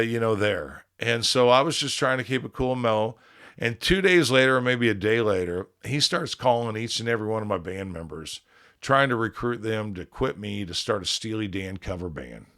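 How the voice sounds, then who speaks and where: A man's voice: medium pitch, a bit bright. A man, a band leader on a podcast, telling a rambling, profane story in casual chat and acting out quoted dialogue.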